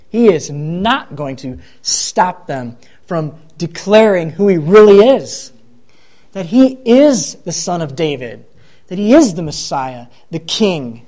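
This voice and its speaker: A man's voice: a little high, lively intonation, a little slow, a little mellow. A man preaching a sermon, reading scripture and acting out the crowd's and Pharisees' words with rising emphasis.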